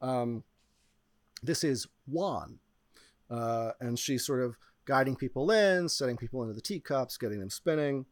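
Rambling, lively game master. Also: medium pitch, unhurried, dry recording, clean studio sound. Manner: rambling, many fillers, playful. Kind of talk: improvised tabletop game narration.

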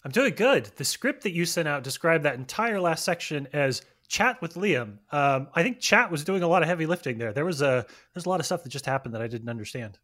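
A man's voice: a little high, lively intonation, fairly quick, few pauses, a bit bright. A man who is a film critic, a guest on a podcast in casual chat, with dry, self-deprecating humor.

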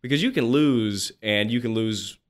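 A man in his forties telling stories as an interview guest, animated and full of restarts, often acting out what others said. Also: mid-range voice, normal speed. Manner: animated, acts out quoted voices, many restarts. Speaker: guest, former pro baseball pitcher. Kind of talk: casual interview storytelling.

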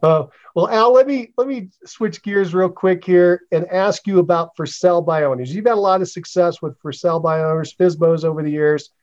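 Man, interview host, easygoing questions, fairly high voice, slightly muffled lo-fi recording. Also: normal speed, hardly any pauses, a little mellow.

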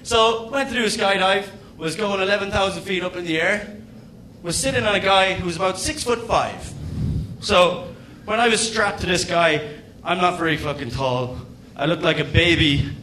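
A young Irish man doing a stand-up comedy set, telling stories in a profane, animated way with loud acted-out outbursts. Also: on the high side, slight background noise. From Ireland.

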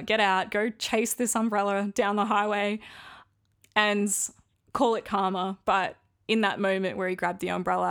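Frank, gravel-edged woman podcaster. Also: medium pitch. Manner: frank, conversational, confiding. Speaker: podcast host. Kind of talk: candid podcast monologue.

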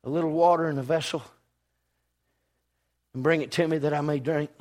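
A preacher voicing an old prophet, calm and measured, making a gentle request. The tone is softer and lower than the preacher's own delivery, as a man retells the scene from the pulpit. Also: natural voice. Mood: asking.

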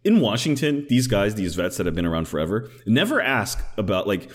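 A man in casual political chat, sardonic and animated, filling his talk with "like" and slipping into impressions. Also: lowish voice, a little fast. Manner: animated, sardonic, many "like" fillers, slips into impressions.

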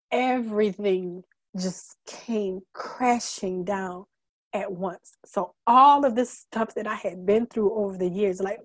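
A middle-aged woman as a guest, telling her story candidly in an earnest, halting way, holding back tears. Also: mid-range voice, no echo. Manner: earnest, halting, many fillers and restarts; emotional, fighting back tears. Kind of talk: candid conversational testimony.

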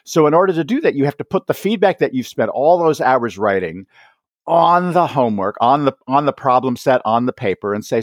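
Animated man explaining with lively pitch. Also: brisk, dry recording, studio quality. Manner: animated, acts out quoted voices, frequent "right?" tags. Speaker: author and education guest. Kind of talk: conversational podcast interview.

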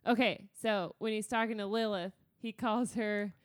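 A woman co-hosting a casual book podcast, playful and quick to laugh. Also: medium pitch, fairly even intonation, dry recording, studio quality. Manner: giggly, playful, breaks into laughter often. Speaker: podcast co-host.

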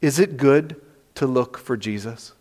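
A man preaching a sermon as pastor, moving between loud emphasis and soft, near-whispered lines. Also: mid-range voice, a little slow. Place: church sanctuary. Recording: long reverb of a church hall.

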